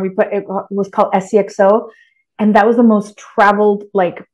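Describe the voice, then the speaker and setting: Chatty woman rambling through stories. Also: medium pitch. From Texas. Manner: lively, rambling, full of "like" and restarts. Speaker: guest writer. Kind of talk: casual interview chat.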